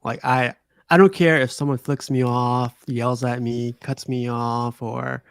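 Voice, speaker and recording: A man's voice: mid-range voice, little pitch movement, unhurried, vocal fry, smooth, dry recording. A man hosting a casual group chat, rambling with many fillers and laughing often. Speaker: podcast host.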